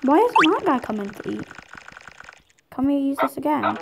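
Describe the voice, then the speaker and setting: A woman giving rambling, excitable commentary over her own gameplay, talking to herself as she plays. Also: sits high, normal speed, gravelly, pauses often, noisy background. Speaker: gaming video creator.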